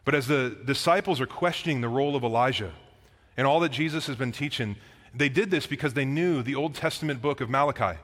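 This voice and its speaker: A man's voice: medium pitch, brisk, a bit bright. A man preaching a conversational sermon, reading scripture aloud and explaining it to the congregation. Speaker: pastor. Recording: long reverb of a hall.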